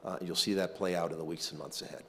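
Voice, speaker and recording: A middle-aged man, a government official, answering questions in a panel interview in a measured way with frequent fillers. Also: deep voice, fairly even intonation, pushed and bright.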